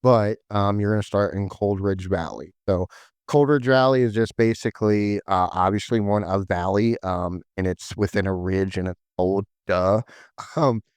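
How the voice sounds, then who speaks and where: A man with a lowish, smooth voice, chatting casually as a podcast host. He rambles loosely, stacking up "like" and "um" as he goes. The sound is close and dry. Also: normal speed, a little mellow, no room sound. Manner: rambling, full of "like" and "um". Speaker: podcast host explaining game lore. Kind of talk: casual chat.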